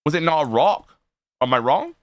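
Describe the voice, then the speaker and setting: A man's voice: on the high side, sing-song, moderate pace, no echo, clean studio sound. A man giving profane, mocking reaction commentary to a stream, laughing often and padding his talk with fillers.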